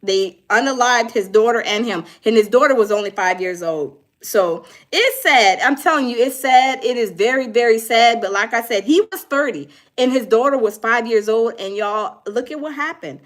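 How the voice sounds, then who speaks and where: A woman's voice: fairly high pitch, normal speed, hardly any pauses. A woman, giving casual, preachy commentary on crime news with mocking quotes. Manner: conversational, preachy and storytelling, with mocking put-on quotes. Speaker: commentary host.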